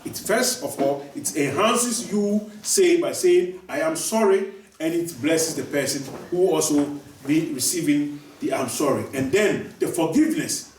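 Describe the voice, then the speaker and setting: Speaking at a measured pace with a fairly high pitch, this preacher hammers home his main points through repetition and often starts his sentences over. He sounds distant in a reverberant room, with a little background noise.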